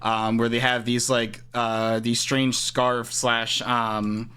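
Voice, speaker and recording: A man's voice: medium pitch, little pitch movement, slow, bright, forceful tone, clean tone. A man running a tabletop game as game master, describing scenes with many fillers and restarts.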